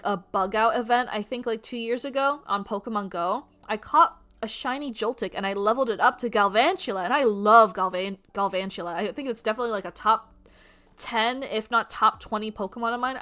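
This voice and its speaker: A young adult woman streamer chatting casually while drawing, animated and profane, often laughing. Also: mid-range voice, fairly quick. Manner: animated, swearing, laughing, quoting people in mock voices.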